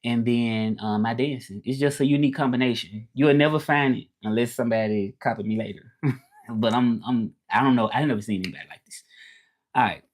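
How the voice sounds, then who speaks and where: With a mid-range voice and a fairly quick pace, a man from Memphis, Tennessee, United States, talks in a Southern US drawl. He's a language teacher on a casual livestream, relaxed and prone to repeating himself as he responds to viewers.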